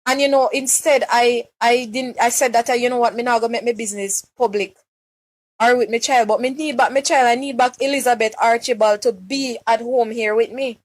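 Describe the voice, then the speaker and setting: Brisk and steady, with a fairly high pitch, a young Jamaican woman begs for help during a live stream. She is distraught and close to crying, putting questions to her listeners and often going back over her words.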